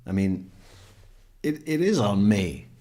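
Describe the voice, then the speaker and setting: A man with a very low voice talks slowly as he gives sarcastic commentary. He rambles and mocks the material, often breaking into chuckles. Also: very animated, mellow. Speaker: true crime commentator. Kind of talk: sarcastic commentary over courtroom clips.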